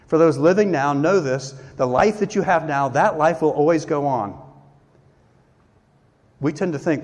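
A man's voice: fairly high pitch, moderate pace. Preaching man in a reverberant hall. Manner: earnest, emphatic preaching with acted-out quotes. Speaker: pastor. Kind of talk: sermon.

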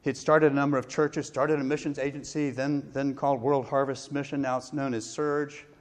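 Middle-aged man, pastor, sermon delivery, personal storytelling, mid-pitched voice. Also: level tone. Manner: storytelling, warm pauses, self-deprecating laughs.

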